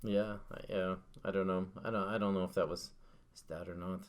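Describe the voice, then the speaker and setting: A man's voice: low-pitched, level tone, brisk, clear, resonant tone. A man co-hosting a casual chat, laid-back, swearing casually and padding his sentences with fillers. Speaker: co-host.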